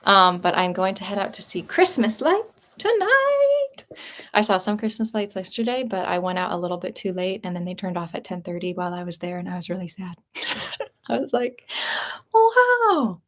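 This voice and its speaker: A woman's voice: lowish voice, animated, normal speed, fairly bright tone. A young woman vlogger chatting casually with her live viewers, upbeat and full of fillers and restarts, her throat a little sore. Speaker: vlogger answering live chat. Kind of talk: casual live-stream chat.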